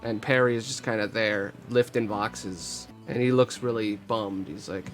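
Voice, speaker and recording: A man narrating as game master in a casual, relaxed way. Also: on the low side, measured pace, hardly any pauses, soft background music.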